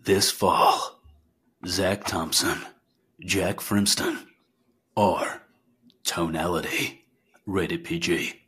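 A booming, dead-serious movie-trailer announcer, as a man puts him on. The voice sits very low and drags each phrase out slowly. It has a breathy, husky grain. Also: fairly even intonation, a bit bright, heavily acted. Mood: dramatic. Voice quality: deep, slow, husky announcer voice. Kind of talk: mock movie-trailer voice-over.

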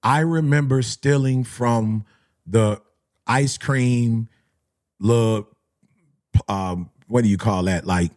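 A man's voice: slow, long pauses. A middle-aged man, a motivational speaker who tells stories in slangy talk and acts out other people's voices. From Detroit area. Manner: animated, slangy, acts out voices with big pitch jumps. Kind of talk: storytelling talk.

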